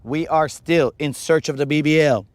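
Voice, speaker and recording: Upbeat man angler on a lake, fairly high voice, playful running commentary with Spanish slang. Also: steady tone, moderate pace, no room sound. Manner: playful, hyped banter peppered with Spanish slang. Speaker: angler, channel host. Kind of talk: live fishing vlog commentary. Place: outdoors on a lake.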